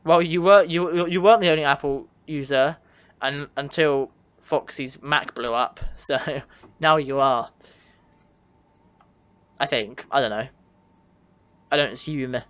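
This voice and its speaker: A man's voice: fairly high pitch, unhurried, pauses often, a bit bright, dry recording. A man streaming a train simulator, chatting casually and answering his chat with frequent laughs. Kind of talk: casual livestream commentary.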